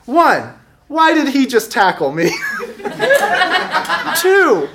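A man's voice: very high voice, wildly swooping pitch, takes it slowly, very noisy. A young man telling a funny personal story on stage, wry and self-mocking, chuckling as he goes. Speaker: storyteller at a live show. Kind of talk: live comic storytelling.

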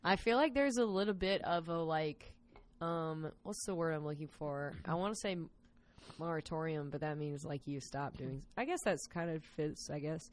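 Podcast host, casual and teasing, talks loosely and hunts for the right word mid-sentence. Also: male voice, a little high, moderate pace, slight background noise. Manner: relaxed, teasing, searches for words. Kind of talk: casual chat.

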